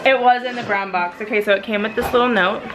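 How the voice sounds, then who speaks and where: Gushing, excitable woman vlogging at home. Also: a little high, fast, background noise. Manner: excitable, gushing, repeats exclamations. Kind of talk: casual home vlog. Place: home kitchen.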